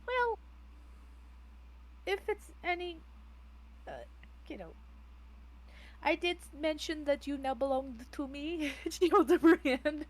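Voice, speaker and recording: A woman's voice: sits high, slow pace, long pauses, low-quality recording. A woman playing a tabletop game, rambling and correcting herself, swearing casually as she talks. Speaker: player. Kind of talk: casual tabletop role-play.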